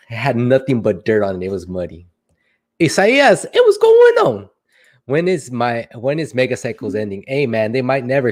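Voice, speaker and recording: Lively casual male livestreamer. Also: mid-range voice. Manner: playful, slangy, sing-song greetings. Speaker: livestream host, delivery driver. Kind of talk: casual livestream chat with viewers.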